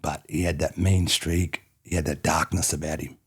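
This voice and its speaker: A man's voice: extremely low pitch, flat delivery, normal speed, breathy edge. A middle-aged Australian man, a former rugby player, talking as a podcast guest in a casual, rambling way, often tagging "you know what I mean". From country New South Wales, Australia. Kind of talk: casual reflective storytelling.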